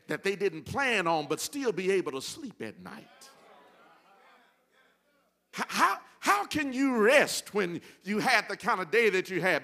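High, lively preaching man. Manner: rhythmic call-and-response preaching, rising to shouts. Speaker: pastor. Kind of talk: preaching a sermon. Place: church sanctuary.

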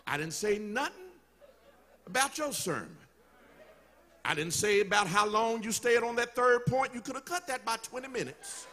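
A man's voice: very high voice, animated, moderate pace, full character voice. A man preaching who voices an irritated, proud fisherman grumbling about a newcomer telling him how to do his job. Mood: indignant. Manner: complaining, rising to shouts. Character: irritated grown male fisherman, proud and indignant.

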